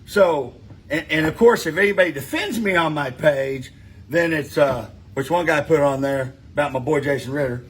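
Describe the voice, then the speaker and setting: A man's voice: a little high, normal speed, husky. A middle-aged man, ranting to his followers in a blunt, profane, mocking way, rambling and restarting as he goes. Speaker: street racer ranting on his own page. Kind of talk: casual unscripted rant.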